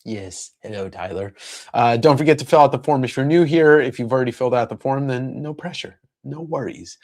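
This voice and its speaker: Male stream host, casual sale chatter, playful and friendly, mid-pitched. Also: a little fast, darkish tone. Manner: upbeat, jokey, greets viewers by name. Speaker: live-stream seller and host. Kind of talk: casual live-stream chat.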